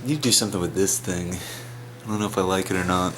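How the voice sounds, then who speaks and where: A man's voice: deep voice, quick pace. A young man vlogging casually at home, rambling with offhand, self-mocking asides. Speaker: fitness vlogger. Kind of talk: casual vlog narration. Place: home, kitchen and bathroom. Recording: home video with clear background noise.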